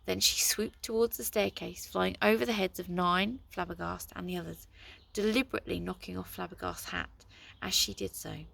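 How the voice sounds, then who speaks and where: A woman reading a storybook aloud in a lively, expressive way. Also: on the low side, normal speed, creaky.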